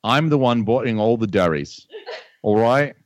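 A man voicing a crude, boozy Australian bloke in a mock Australian accent, brash and loud. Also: medium pitch, animated, a little slow, no room sound, natural voice. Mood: rowdy. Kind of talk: comedic character bit.

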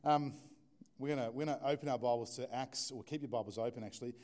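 A man preaching a relaxed, conversational sermon in church, joking with the congregation. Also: mid-range voice, fast talker. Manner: informal, chatty, joking with the congregation. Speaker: pastor.

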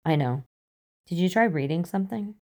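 A woman's voice: on the low side, lively intonation, moderate pace, dark tone. A woman reading the part of a wry, teasing male FBI agent who cannot sleep, in an amused, dry manner.

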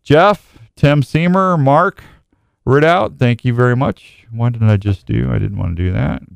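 A man's voice: medium pitch, a little slow, gravelly, clear, resonant tone, no room sound. Casual man hosting outdoors radio. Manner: rambling, self-deprecating, reads reports aloud. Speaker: radio show host. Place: radio studio. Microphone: studio microphone.

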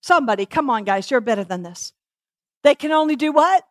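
A middle-aged woman with a high voice preaches a sermon with rising passion. She repeats her phrases and calls out questions to the congregation. The sound is dry and close. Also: animated, brisk, no room sound.

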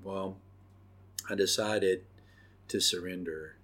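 Earnest low-voiced man testifying. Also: steady tone, a bit bright. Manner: earnest, halting, with many pauses and fillers. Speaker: podcast host. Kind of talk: personal testimony.

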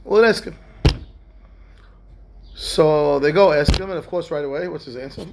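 A man's voice: fairly high pitch, normal speed, vocal fry, long pauses, noisy background. A man, a rabbi, telling a story in a lesson and acting out the characters' lines in raised voices. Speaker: rabbi teaching a class.

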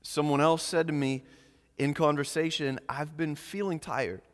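Earnest male pastor, slightly high voice. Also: steady tone, long reverb tail. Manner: earnest, slows and softens on key phrases. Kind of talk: sermon.

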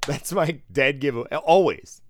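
A man's voice: medium pitch, animated, slow pace, slight background noise. A man co-hosting a podcast in casual chat, joking, swearing freely and laughing a lot. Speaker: podcast co-host, casino dealer.

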